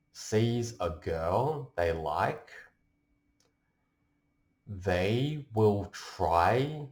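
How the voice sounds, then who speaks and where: A man from Taiwan, an astrologer, explaining things casually in a rambling, conversational way. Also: sits low. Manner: rambling and conversational, with many fillers. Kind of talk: casual explanation during a chart reading. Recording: roomy echo.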